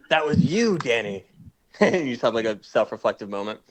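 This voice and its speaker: A man's voice: mid-range voice, very animated, moderate pace, a crowd in the background. A young man hosting a casual stream chat, joking with slang and laughing often. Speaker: streamer host.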